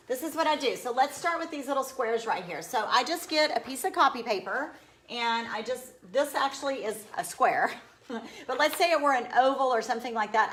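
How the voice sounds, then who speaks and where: Woman, middle-aged, bright, slightly high voice, rambling live-stream host. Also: slight background noise. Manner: rambling, chatty, reads viewer comments aloud. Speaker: furniture painter hosting a live stream. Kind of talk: casual live-stream chat while demonstrating a craft.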